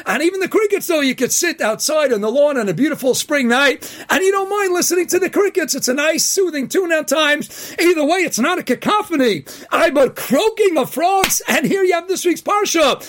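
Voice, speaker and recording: Speaking in a very high, expressive voice, this man preaches a passionate Torah sermon as a rabbi at a brisk clip with barely a pause. He shouts often, fires rhetorical questions, and sprinkles Hebrew and Yiddish terms through his English.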